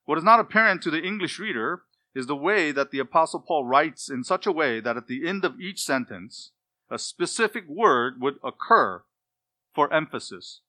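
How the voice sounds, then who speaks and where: A man preaching an expository sermon, stressing key words by repeating them and dropping to quiet asides. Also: fairly high pitch, lively intonation, normal speed, dry recording. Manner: emphatic, repeats key words, swings between loud stress and hushed asides. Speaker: pastor.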